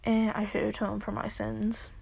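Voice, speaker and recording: A woman voicing a protective, deadpan teenage boy who answers in flat, dry retorts. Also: medium pitch, moderate pace, creaky.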